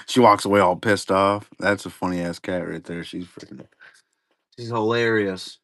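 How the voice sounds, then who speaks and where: His lowish voice is unhurried, pushed and bright, with vocal fry. The man is hosting a live card-break stream, rambling and chatting in a laid-back style that includes some swearing.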